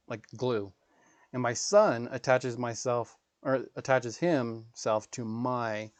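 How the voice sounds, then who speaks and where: A man's voice: mid-range voice, no room sound. A man in his thirties, a gaming livestreamer, telling rambling, profane stories in casual chat.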